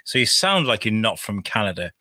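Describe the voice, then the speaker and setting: A man's voice: on the low side, very animated, a little fast, sharp tone, no room sound, clean studio sound. A British man from the UK, co-hosting a podcast in casual, enthusiastic, jokey chat. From United Kingdom.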